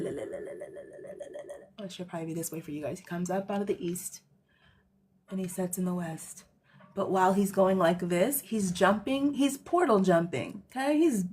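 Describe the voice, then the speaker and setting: A woman hosting a casual livestream monologue, rambling and emphatic, tagging lines with "okay?" and swinging between loud bursts and hushed asides. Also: mid-range voice. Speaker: host.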